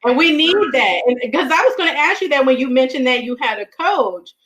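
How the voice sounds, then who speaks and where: A woman's voice: high voice, animated, brisk, a bit bright, poor audio. A woman hosting an interview over a video call, affirming her guest and talking with a few hesitant fillers. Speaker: host. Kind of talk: casual interview conversation.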